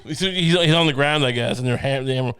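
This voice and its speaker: A man's voice: medium pitch, quick pace, a bit bright, clean tone. A man co-hosting a comedy podcast, rambling and profane, often dropping into mocking impressions. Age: adult, went through Catholic school. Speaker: podcast co-host. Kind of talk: irreverent comedic banter.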